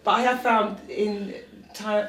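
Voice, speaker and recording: A woman comedian hosting a casual chat, talking in a measured, thoughtful way and asking questions. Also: mid-range voice, steady tone, a bit bright, a little hiss or hum. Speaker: comedian and host. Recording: roomy sound, mic at a distance.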